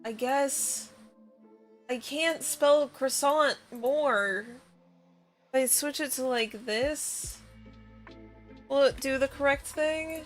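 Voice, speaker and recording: A woman streamer with a high voice talks slowly, rambling in bafflement and breaking into laughter. Faint music plays softly behind her. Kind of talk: casual live-stream chatter.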